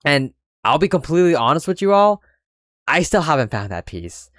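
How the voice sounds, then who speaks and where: A man's voice: on the high side, very animated, moderate pace, no room sound, studio quality. A young man vlogging candidly, rambling and reflective as he talks through his feelings. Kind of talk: candid personal talk.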